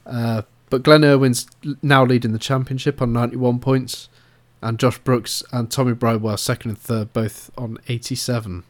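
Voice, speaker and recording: A man's voice: medium pitch, steady tone, moderate pace, hardly any pauses. A man co-hosting a casual podcast, chatting and teasing his co-host in easygoing banter. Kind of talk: casual chat.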